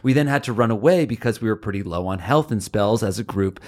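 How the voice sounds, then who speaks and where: A man's voice: lowish voice, animated, fast talker, a little mellow. Mock-formal man reading a letter. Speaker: co-host reading listener letters as bailiff.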